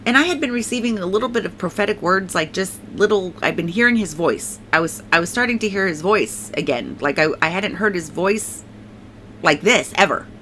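Bright-voiced woman rambling through her testimony. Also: lowish voice, slight background noise. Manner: rambling and emphatic, heavy filler "like", repeats herself; prays aloud. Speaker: faith testimony speaker. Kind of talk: casual spoken testimony.

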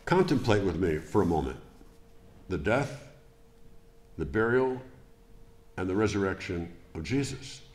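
A man preaching a sermon as pastor, deliberate and emphatic, with rhetorical questions to the congregation. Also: low-pitched, sing-song. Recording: echoey church room.

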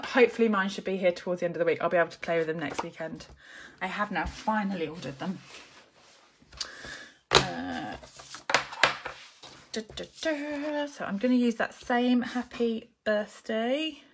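A chatty woman talks through a live craft tutorial at a mid-range pitch, thinking aloud with frequent ums as she works. A steady bed of background noise sits under her voice. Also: moderate pace. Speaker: papercraft demonstrator.

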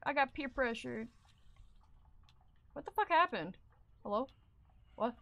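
A woman streaming a game live, talking to chat in an excitable, swear-filled way and shrieking when scared, with game music behind her. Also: sits high, slow pace, vocal fry, dry recording, muffled recording. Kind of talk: live gaming stream commentary.

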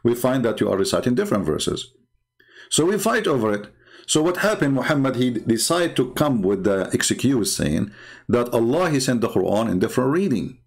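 Man, gravelly creaky voice, arguing loosely with lots of uh and restarts. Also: mid-range voice, very animated. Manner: argumentative, halting, many fillers and restarts. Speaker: religious commentator. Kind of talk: unscripted screen-share talk.

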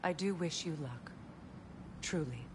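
An earnest, cautioning ally. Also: female voice, low voice. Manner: serious, measured. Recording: noisy game audio.

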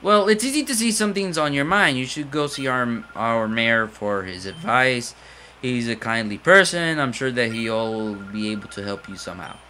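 Polite young woman, read by a man barely altering his voice, friendly and lively. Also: medium pitch, moderate pace, slight background noise. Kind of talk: reading game dialogue aloud.

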